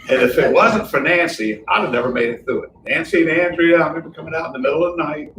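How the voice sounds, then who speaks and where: A man's voice: mid-range voice, fairly bright tone. Older man, memorial tribute, rambling chuckling anecdotes, roomy distant sound. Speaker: friend giving a memorial tribute. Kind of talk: informal memorial storytelling. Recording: distant, echoey hall with noise.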